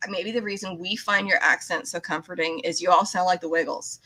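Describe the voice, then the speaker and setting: A woman's voice: lowish voice, fairly even intonation, brisk, sharp tone. A woman from the United States with a Californian accent, hosting a casual podcast interview, chatty and rambling with frequent laughs. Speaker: podcast host.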